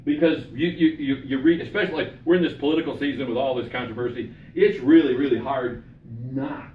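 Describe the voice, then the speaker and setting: A male pastor talks through scripture with a small group in a casual, repetitive way, often checking in with his listeners. His voice sits a little high. He is far from the mic in a reverberant room with faint background noise. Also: darkish tone. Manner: conversational, repeats himself, checks in with "all right?". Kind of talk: teaching a Bible study.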